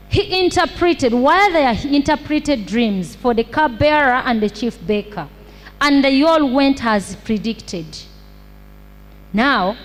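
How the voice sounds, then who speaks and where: A woman pastor delivering a sermon, preaching slowly and repeating points for emphasis, with rhetorical questions to the congregation. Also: high-pitched. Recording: long hall reverb.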